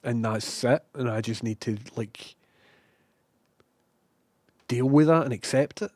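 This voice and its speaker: A young adult Scottish man rambles through a casual livestream, reading viewers' chat and cursing freely at himself. His voice sits at an ordinary pitch for a man. The sound is dry and close. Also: slow, no room sound. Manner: sweary, self-mocking, animated.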